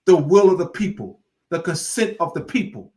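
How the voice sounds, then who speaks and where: A man lectures with mounting fervor, hammering the same phrases over and over. His voice sits high for a man, and he slips into casual dialect as he preaches. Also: animated, moderate pace, darkish tone. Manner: preachy and repetitive, building in fervor; informal, drops into dialect. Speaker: host. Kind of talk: impassioned lecture.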